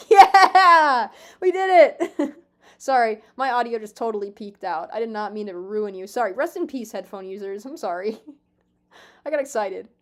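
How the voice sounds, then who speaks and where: A woman in her twenties streaming a game, chatting casually with her viewers, swearing freely, excitable and self-mocking. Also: medium pitch, moderate pace. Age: 20s. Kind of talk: casual live-stream chat.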